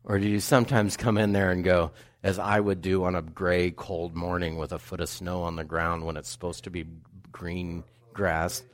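Low-voiced man preaching a sermon. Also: little pitch movement, moderate pace. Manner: reads scripture aloud, then asks the congregation questions. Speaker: pastor. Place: church sanctuary.

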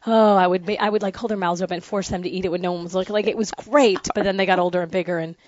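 A woman from the northern United States co-hosting a casual chat, telling lively stories and laughing easily. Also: fairly low pitch, muffled recording, a little hiss or hum. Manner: chatty, lively storyteller, quick to laugh. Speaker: co-host.

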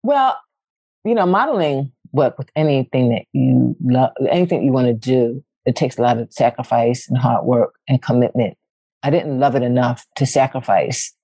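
Her voice has a breathy edge and a normal speed, with no room sound. She's a poet and actress from West Philadelphia, USA, a guest sharing stories openly, animated, swearing offhandedly and leaping in pitch when she acts out quotes.

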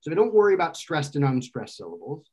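A man's voice: a little high, very animated, brisk, dark tone, breathy edge. A man explaining an idea in casual conversation, thinking aloud and often restarting and correcting himself. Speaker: guest expert explaining philosophy.

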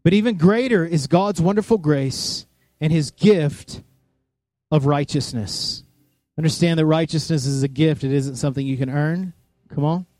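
A man preaching a sermon in a church, animated, acting out voices and sounds as he tells the story. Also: fairly high pitch, normal speed, no echo. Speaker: pastor.

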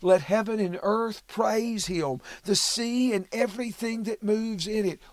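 A man hosting a Bible study podcast, who walks through a psalm verse by verse in a measured, reflective way. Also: sits high, no echo. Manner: measured, reflective reading of scripture. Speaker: podcast host teaching the Bible.

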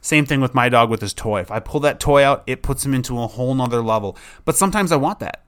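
A young adult man who hosts a podcast and trains dogs, talking casually and rambling a bit, sometimes acting out an excited dog. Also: mid-range voice, fast, clear, resonant tone. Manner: rambling, relaxed, acts out excited dog voices. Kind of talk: casual solo podcast talk.

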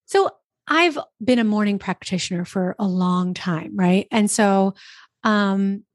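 A woman from New Jersey telling her story as a podcast guest, chatty and animated, acting out her own thoughts in quotes. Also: medium pitch, measured pace, no echo, clean studio sound. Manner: chatty, animated, lots of quoted self-talk. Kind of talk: casual interview storytelling. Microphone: podcast microphone.

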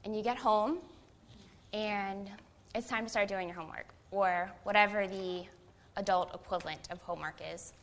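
A woman's voice: mid-range voice, steady tone, moderate pace, fairly bright tone. A young adult woman, a seminary student, giving a conversational sermon that opens with a self-deprecating personal story.

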